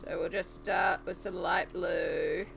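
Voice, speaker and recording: A woman's voice: lowish voice, huge pitch swings, slow pace, creaky, a bit bright, slight background noise. A woman streamer chatting casually with her viewers while colouring, giggly and self-deprecating. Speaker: art streamer.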